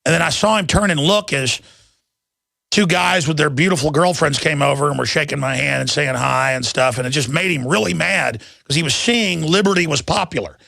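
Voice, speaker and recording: A man's voice: on the high side, brisk, creaky, pushed and bright, no room sound, studio quality. A middle-aged man hosting a talk radio show, ranting in an angry, combative and scornful monologue.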